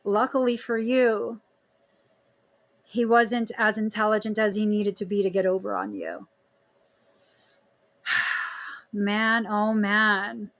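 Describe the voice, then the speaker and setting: A young woman hosting a podcast in casual chat, expressive, with frequent laughs and exclaimed reactions. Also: medium pitch, slow, creaky, long pauses. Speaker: podcast host.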